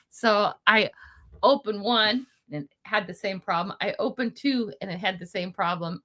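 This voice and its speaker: An older woman hosts a casual livestream, chatting and telling stories with frequent laughter and blunt, indignant remarks. Her mid-range voice sounds pushed and bright.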